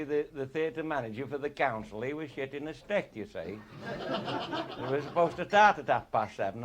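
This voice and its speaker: A man's voice: mid-range voice, highs cut off, a little hiss or hum. A middle-aged man, telling comic stories to a live audience in an earthy, swearing manner and chuckling along. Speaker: raconteur.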